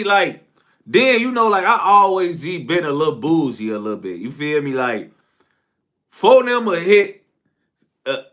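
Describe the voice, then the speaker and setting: A man telling a casual story, slang-heavy and profane, jumping from shouted outbursts to low mumbled asides.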